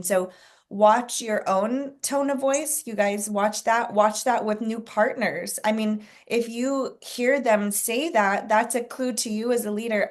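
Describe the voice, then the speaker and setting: A woman hosts a group video call and talks her team through a coaching point. She is encouraging and loose, with plenty of ums and the odd clearing of her throat, and her voice sits in an ordinary middle range. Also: medium pitch. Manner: encouraging, frequent fillers, clears throat often.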